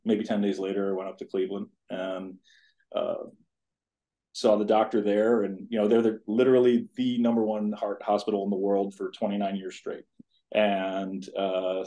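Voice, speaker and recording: A man's voice: fairly low pitch, dark tone. A man in his fifties, a college tennis coach, telling a personal story in a podcast interview with an earnest, rambling manner full of asides. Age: 50s.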